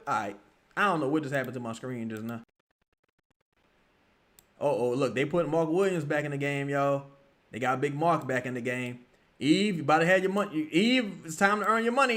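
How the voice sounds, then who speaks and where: Young male streamer, bright cutting voice, a touch high, excitable, foul-mouthed fan commentary. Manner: excitable, profane, bursts into yelling at the players. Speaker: streamer watching a basketball game live. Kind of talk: live fan watch-along commentary.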